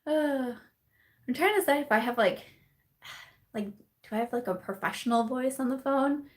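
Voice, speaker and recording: A woman's voice: high voice, normal speed. A young woman hosting a casual live-stream chat, bubbly and giggly, full of fillers and laughter as she reads viewer comments.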